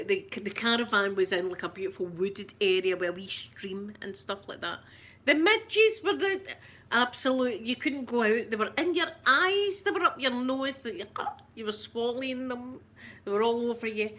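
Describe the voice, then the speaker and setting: A middle-aged Scottish woman with a Scottish accent hosts an ASMR livestream, chatting casually with live viewers. Her mid-range voice has a fairly bright tone, and she rambles and laughs often.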